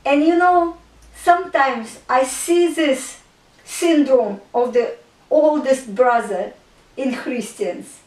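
A woman's voice: high voice, slow, far from the mic. A woman retelling a Bible parable in an earnest, storytelling way, with non-native grammar. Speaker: Christian artist and speaker. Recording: echoey room, speaker away from mic.

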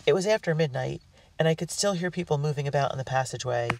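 A man narrating a storybook in the first person with an earnest, expressive delivery. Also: on the high side, fast talker, vocal fry, a little hiss or hum. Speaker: audiobook reader. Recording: dry, distant mic.

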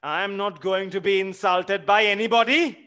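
A man's voice: high-pitched, fairly even intonation, moderate pace, sharp tone, smooth, voice pushed up. A man reading aloud as a rude, hot-tempered landowner who blusters and challenges in a play reading. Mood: blustering.

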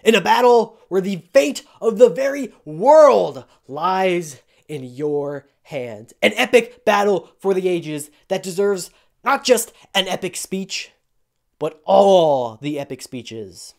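A woman's voice: fairly low pitch, expressive, slow, creaky, darkish tone. A woman narrating a video game story recap in a scripted, playful style with sarcastic asides.

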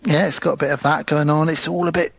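On a dry recording, a podcast co-host with a high-ish, gravelly, slightly rough voice talks quickly through a movie's story. He's a lively narrator in a casual chat, performing the characters' dialogue himself.

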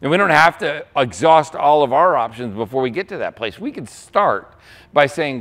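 A young adult man preaching a sermon as pastor, conversational, often checking in with the congregation with quick asides. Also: fairly high pitch, lively intonation, a bit bright.

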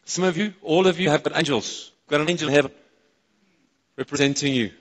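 A South African man preaches a sermon in a church hall, and his fairly high voice rings out with a long reverb. He is excitable and bounces questions off the congregation. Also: a little fast. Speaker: pastor. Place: church auditorium.

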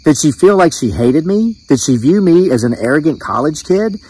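A man's voice: on the high side, very animated, moderate pace, warm tone, husky, poor audio. A man reading his own true story aloud in a plain, conversational way, then chatting with a few fillers. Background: crickets chirping.

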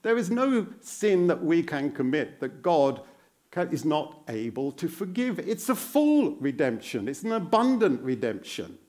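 Man, guest preacher in a church: unhurried, earnest sermon with a lively pitch, quizzing and encouraging the congregation. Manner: repeats phrases for emphasis.

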